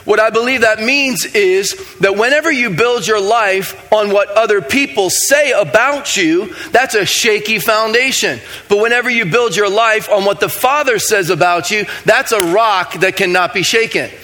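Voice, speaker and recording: This is a male preacher delivering a sermon with a casual, humorous touch. His voice is high and bright, and he drops in playful asides as he explains. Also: moderate pace. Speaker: pastor.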